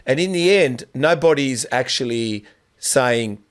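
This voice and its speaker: A male podcast host, voice in a middle pitch. He talks in long, rambling turns, restarting sentences and pushing his own opinions. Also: expressive, measured pace. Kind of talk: casual conversational interview.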